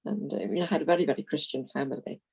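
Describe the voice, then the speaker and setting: A woman's voice: sits low, fast talker, creaky, a little mellow, husky, low-quality recording. A woman in her eighties from London, talking freely about her past in an interview and laughing often as she tells stories. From London, England. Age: 80s. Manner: chatty, frank, laughs while telling stories. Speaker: retired minister, interviewee. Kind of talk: reminiscing interview.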